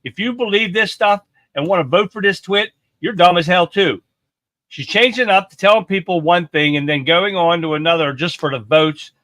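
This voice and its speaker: A man's voice: high voice, normal speed, fairly bright tone, no echo. A man hosting a livestream, delivering a scornful, profane political rant. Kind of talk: angry commentary rant.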